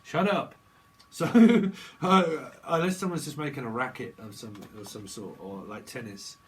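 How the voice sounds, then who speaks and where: A man's voice: mid-range voice, very animated, moderate pace. A man giving a rambling, jokey tarot reading, free-associating and laughing often. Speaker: tarot reader. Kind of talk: rambling solo reading video.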